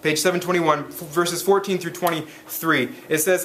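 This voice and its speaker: High-voiced guy preaching, lots of uh and restarts, faint hiss. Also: fairly even intonation, a bit bright. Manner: halting, many restarts and fillers. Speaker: pastor. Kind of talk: sermon. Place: church. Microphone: handheld camera recording.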